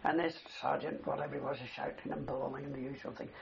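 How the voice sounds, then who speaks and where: Speaking fast in a gravelly, mid-range voice with little pitch movement, an aging veteran rambles through his war story for an oral history interview, saying "you see" often. Crowd noise sits behind him on a dull, faintly hissing recording.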